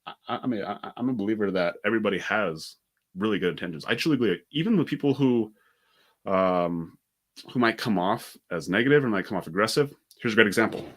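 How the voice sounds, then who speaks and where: Fast-talking man in casual chat. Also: fairly low pitch. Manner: fast, animated, many "like" fillers. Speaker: podcast co-host.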